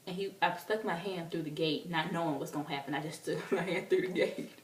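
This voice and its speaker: A young woman telling a story to camera in a casual, animated way, acting out quotes in squealing voices. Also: fairly low pitch, a little fast, recorded from a distance. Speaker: vlogger. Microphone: camera mic from a distance. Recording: roomy, off-mic, faint hiss.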